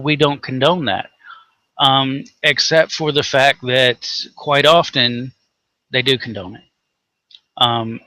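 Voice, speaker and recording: A man's voice: mid-range voice, pushed and bright, no echo. Cussing Tennessee man ranting angrily. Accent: Southern US, Tennessee. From Tennessee, USA. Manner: angry, sarcastic, heavy swearing, mocking voices. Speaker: co-host of a rant show. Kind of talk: profane ranting commentary.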